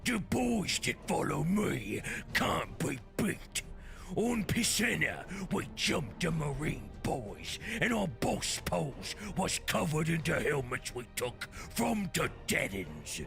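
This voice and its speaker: A man voicing a boastful, brutish male orc warlord, reading with a gravelly growl and slow, drawn-out bellows. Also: fairly high pitch, sing-song, fairly bright tone, soft background music, heavily acted. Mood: menacing boast. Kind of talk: dramatic voice reading.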